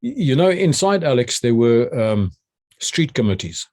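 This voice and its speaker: A man's voice: mid-range voice, moderate pace. Older South African man telling war stories. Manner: animated storyteller who acts out the orders he shouted. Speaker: retired army general. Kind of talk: recounting memories in a conversation.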